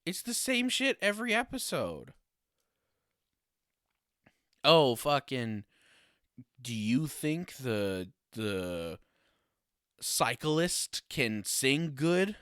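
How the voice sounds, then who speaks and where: A man's voice: medium pitch, sing-song, slow pace, a bit bright, smooth, dry recording, studio quality. A young man hosting a casual solo podcast, ranting with sarcasm and swearing and laughing often. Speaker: podcast host.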